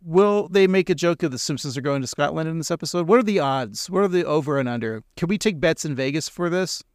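A man's voice: on the high side, expressive, fast talker, dry recording, clean studio sound. A man co-hosting a casual podcast, rambling and joking, laughing often. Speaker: podcast co-host.

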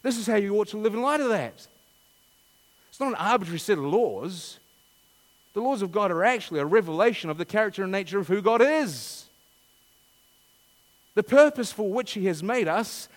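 Animated male preacher, high lively voice. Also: big-room sound. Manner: animated, rhetorical questions, dramatic readings. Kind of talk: sermon.

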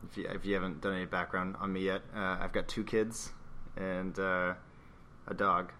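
A man's voice: sits low, little pitch movement, normal speed, pushed and bright. A man in his thirties, a guest on a podcast, talking in a rambling, self-conscious way with many hesitations. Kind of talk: casual chat.

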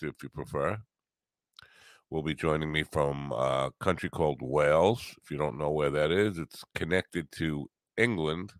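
Very deep-voiced man rambling wryly. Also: fairly bright tone, no echo. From US Northeast. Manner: wry, meandering, dry teasing humor. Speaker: podcast host. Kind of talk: solo rambling morning chat.

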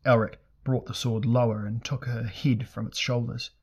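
A man reading a fantasy novel aloud in a measured, steady storytelling manner. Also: mid-range voice, slightly rough, muffled recording. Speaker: audiobook narrator. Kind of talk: scripted fantasy narration.

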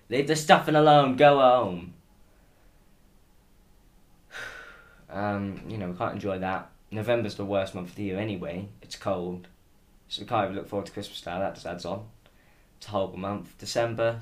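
A British man with a somewhat low voice rants through a casual solo podcast. He sounds exasperated and sarcastic, and he swears freely. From United Kingdom. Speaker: podcast host.

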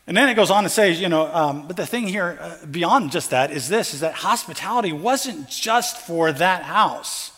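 A man's voice: fairly high pitch, normal speed, few pauses, a bit bright. A pastor preaching a conversational sermon, acting out the parable's characters as he goes. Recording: long hall reverb.

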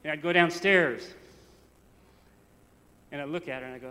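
A man from the United States preaching a storytelling sermon, swinging from soft to loud. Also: a little high, moderate pace, pauses often, big-room sound, a little hiss or hum. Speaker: pastor.

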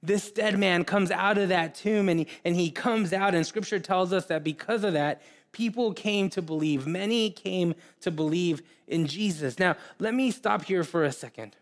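Man, pastor, earnest sermon, higher pitch, stops and repeats words. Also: normal speed.

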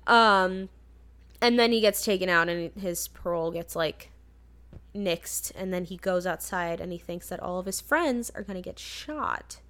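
A woman's voice: lowish voice, a little slow, a bit bright. A young woman casually recapping a movie plot in a rambling, chatty way, laughing now and then.

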